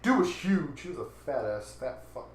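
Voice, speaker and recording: A man's voice: medium pitch, big pitch swings, normal speed. A young man with a Texan accent, telling a story and ranting in a casual, profane podcast chat. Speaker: podcast co-host. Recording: echoey room.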